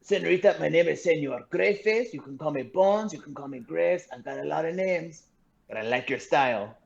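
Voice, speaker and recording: A man playing a cocky male rogue who flirts and smooth-talks his way out of a fight in a tabletop game. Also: a little high, expressive, a little fast. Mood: flirty. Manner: cheeky, flirtatious. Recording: dull lo-fi audio.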